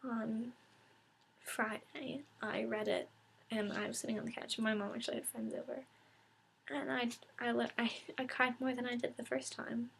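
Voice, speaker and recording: A woman records a casual book review, half-whispering and close to tears as she talks. Her voice sits fairly high but stays flat, with a lot of gravelly fry. She pauses often and restarts her sentences. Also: slight background noise.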